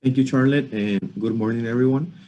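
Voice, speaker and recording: A man's voice: mid-range voice, steady tone, fairly quick, dull audio. A man lawyer beginning a formal conference presentation, with a few filler sounds. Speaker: immigration attorney.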